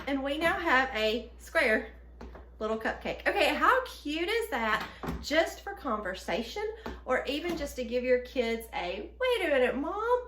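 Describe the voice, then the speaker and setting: High-voiced Southern woman, chatty cooking demo. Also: a bit bright, echoey room. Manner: chatty, upbeat, with frequent ums and laughs. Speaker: host demonstrating her baking product. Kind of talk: casual cooking demonstration.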